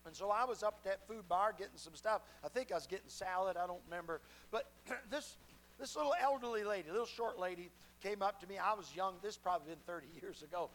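A middle-aged man preaching a sermon, telling folksy stories with emphatic delivery that swings between loud and soft. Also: sits high, fast, low-quality recording. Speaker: pastor. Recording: faint hum behind.

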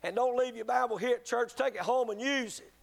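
A man preaching a sermon, telling a testimony in an earnest, halting way with many restarts. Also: very high voice, gravelly. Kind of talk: sermon storytelling.

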